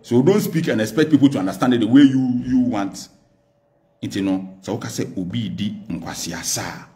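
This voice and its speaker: A man's voice: mid-range voice, animated, a little fast, mellow. A man with a Ghanaian accent in a loose, unscripted TV interview. His delivery is emphatic and defiant. He slips back and forth between English and Twi while making his points. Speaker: political guest.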